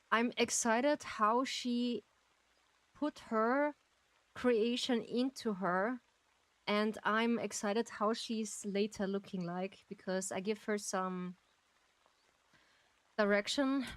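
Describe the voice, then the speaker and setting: A woman's voice: mid-range voice, dry recording, rough recording. A woman streaming a game, chatting casually and gushing with frequent giggles as she thanks her chat. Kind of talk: casual live-stream chat while gaming.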